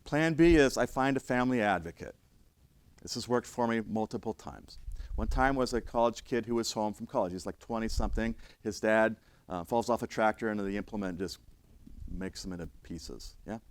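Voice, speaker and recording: A man's voice: lowish voice, moderate pace, smooth. A middle-aged man lecturing emergency responders in a blunt, conversational way. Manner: blunt, conversational, acts out quoted voices. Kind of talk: classroom lecture with stories.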